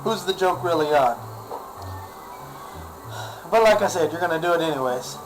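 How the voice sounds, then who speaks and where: A man's voice: a little high, animated, moderate pace, soft background music, poor audio. A man ranting in a casual vlog, exasperated and sarcastic, often repeating himself. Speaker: vlogger.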